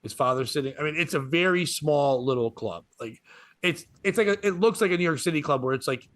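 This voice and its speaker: A man in his forties, a comedian guest, telling a story in casual podcast chat, getting excited and laughing through it. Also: a little high, fairly quick, dry recording. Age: 40s.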